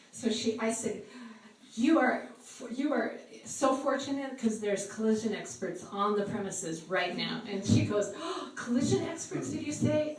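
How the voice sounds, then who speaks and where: A woman sharing a live church testimony with a group, talking haltingly with frequent ums. She is recorded on a phone from across the room. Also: medium pitch, slight background noise. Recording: echoey room, distant phone mic.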